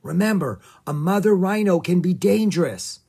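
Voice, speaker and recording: Storybook boy, cautious and worried, breathy hushed warnings, voiced by the narrator. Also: medium pitch, animated, moderate pace, voice pushed up. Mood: tense whisper.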